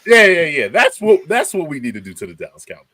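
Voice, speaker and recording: Animated South Jersey guy, dry sound. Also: on the high side, fast talker, dry recording. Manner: animated storyteller, repeats words, laughs often. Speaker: podcast co-host. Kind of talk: casual sports podcast chat.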